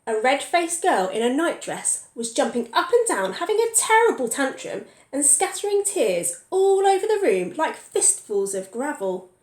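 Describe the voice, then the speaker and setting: A woman teacher reading a picture book aloud to young children, pausing to ask them questions. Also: on the high side, a little mellow, reverberant.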